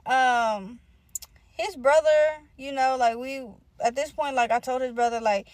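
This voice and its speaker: Profane, rambling young woman, slightly high voice. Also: steady tone, measured pace, darkish tone, dry recording. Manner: profane, slangy, rambling with many "like" fillers. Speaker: vlogger telling a personal story. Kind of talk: casual storytime.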